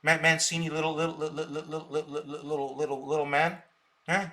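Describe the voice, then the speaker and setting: A man's voice: on the high side, level tone, fast, sharp tone. A man hosting a live stream, combatively ranting at viewers and tripping over repeated words as he talks. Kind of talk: unscripted live stream talk.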